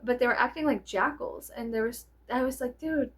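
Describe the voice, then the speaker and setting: A young adult woman vlogger telling a casual story, animated and profane, laughing often and wandering off on tangents. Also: a little high, fairly quick. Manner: animated, profane, digresses with many fillers.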